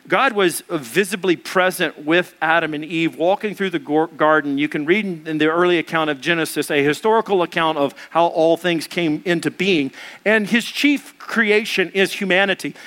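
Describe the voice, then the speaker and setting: A man's voice: high-pitched, pushed and bright. A man preaching a conversational sermon, often asking the congregation questions and reading along with them. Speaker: pastor.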